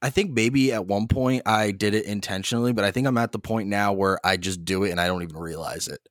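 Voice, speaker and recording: Low-voiced young man, hesitant and reflective. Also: quick pace, dry recording, studio quality. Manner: hesitant, reflective, many restarts. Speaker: podcast co-host. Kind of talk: casual chat.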